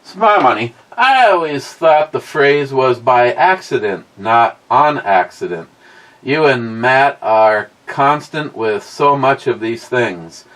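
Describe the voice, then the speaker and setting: Livestream host, male, mid-range voice, slow rambling delivery, blunt and profane. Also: medium pitch, expressive, a bit bright, low-quality recording. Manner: rambling, blunt, swears freely. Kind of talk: casual chat, reading viewer comments aloud.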